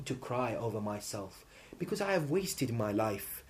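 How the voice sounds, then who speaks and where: Impassioned preacher, loud then hushed. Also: male voice, medium pitch, very animated, a little slow. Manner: swings between loud urgent emphasis and quiet, hushed delivery; intersperses melodic chanted supplications. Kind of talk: emotional religious sermon.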